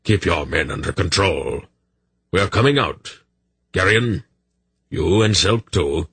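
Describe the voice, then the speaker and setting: A man's voice: low-pitched, a little slow, gravelly, fairly bright tone, husky, no room sound, full character voice. A man voicing an old sorcerer grandfather who speaks tersely and with disgust. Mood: gruff.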